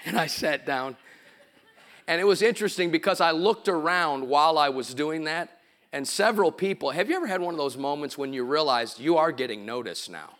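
A middle-aged pastor preaching in a church sanctuary, his voice sitting a little high for a man. He is animated, acts out the stories he tells, and builds to emphatic, drawn-out preaching. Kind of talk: sermon with storytelling.

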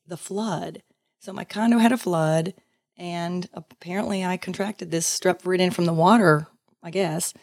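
Lively low-voiced woman telling her story. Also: no room sound, studio quality. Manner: lively storyteller, acts out quoted voices, laughs often. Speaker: guest. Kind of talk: casual storytelling interview.

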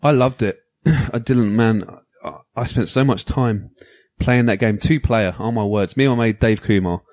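A man co-hosting a retro gaming podcast, enthusiastic and quick to laugh. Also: medium pitch, darkish tone. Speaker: podcast co-host. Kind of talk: casual chat.

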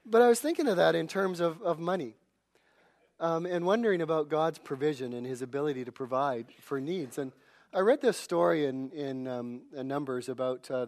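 A man's voice: a little high, a little mellow. A middle-aged male pastor preaching a sermon in church, earnest and emphatic, with a self-deprecating humor.

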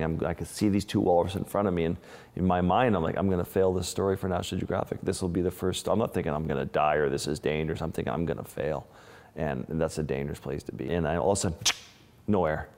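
Deep-voiced man recounting dive dangers. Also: darkish tone, in a large hall. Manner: halting, restarts often, vivid retelling. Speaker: underwater photographer. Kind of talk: storytelling interview.

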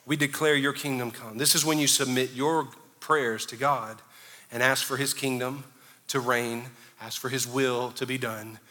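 Male preacher, bright forceful tone, fervent half-sung prayer, long hall reverb with soft music behind. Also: medium pitch. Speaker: pastor. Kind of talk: sermon.

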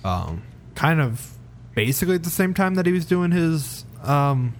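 A man's voice: a little high, very animated, normal speed, a little hiss or hum. A man co-hosting a podcast in casual chat, rambling and losing his thread. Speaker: podcast co-host. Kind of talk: casual chat about TV shows.

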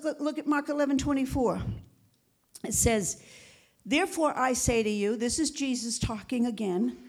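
A woman's voice: sits high, darkish tone. A woman pastor preaching a sermon, emphatic, calling out for amens and dropping to a whisper when quoting. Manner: emphatic preaching with frequent call-outs for amen.

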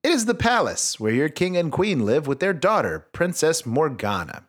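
A man's voice: a little high, big pitch swings, moderate pace. A man hosting a comedic podcast, reading a children's book aloud with joking asides that drop into mumbles. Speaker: podcast host.

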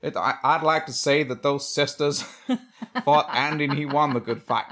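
A man's voice: on the high side, fairly even intonation, normal speed, fairly bright tone. A man co-hosting a podcast in casual chat, joking around and trying out silly voices. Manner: jokey, slips into silly put-on voices. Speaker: podcast co-host.

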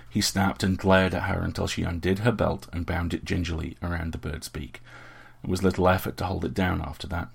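A man narrating a fantasy story aloud in a steady, measured way. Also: deep voice, creaky, husky. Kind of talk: audiobook narration.

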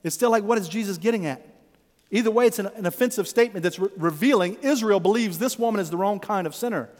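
A male pastor preaching a conversational, animated sermon who acts out the voices in the story. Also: high-pitched, fast, long reverb tail.

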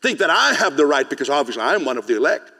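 A man's voice: a little high, very animated, fast, sharp tone, in a large hall. A man preaching a sermon as pastor, speaking conversationally, often asking the congregation questions and laughing. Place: church sanctuary.

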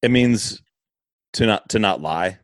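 A laid-back man with a fairly low voice, talking in a loose casual chat. He laughs often, swears easily and trips over his own restarts. The sound is close and dry. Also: lively intonation, measured pace, no room sound.

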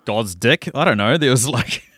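A man's voice: medium pitch, normal speed, no room sound, clean studio sound. A man co-hosting a casual movie podcast, telling stories with lots of swearing and laughter. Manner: animated, swears freely, laughs through stories. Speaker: podcast co-host.

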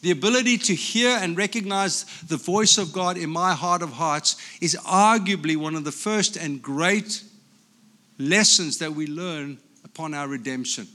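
A man from Africa, a pastor, preaching a sermon in an animated, storytelling way. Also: a little high, a little slow.

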